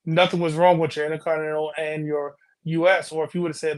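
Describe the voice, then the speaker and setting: A man's voice: fairly high pitch, level tone, fast, smooth. A man co-hosting a casual podcast chat, explaining his views earnestly and often breaking off mid-sentence. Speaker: podcast co-host.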